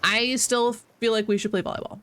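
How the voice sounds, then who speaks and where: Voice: mid-range voice, fairly even intonation, brisk, fairly bright tone. A streamer who reads a dating game aloud, joking and laughing while commenting on the story.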